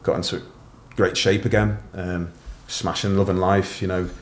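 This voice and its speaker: A middle-aged man recounting his story with candid, matter-of-fact ease. His voice sits very low, and the room is roomy and reverberant, with a faint hiss of ambience behind him. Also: little pitch movement, normal speed. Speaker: podcast guest. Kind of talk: casual storytelling interview.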